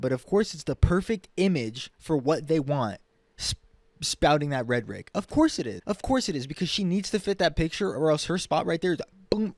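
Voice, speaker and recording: A young man vents into his camera in a furious, profane rant. He mocks people in high, sarcastic bursts, then drops into low, worn-out grumbling. His voice sits at a middling pitch and sounds close and dry. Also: dry recording. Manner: heated, profane, swings between shouting mockery and low weary muttering. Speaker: vlogger. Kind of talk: angry ranting commentary.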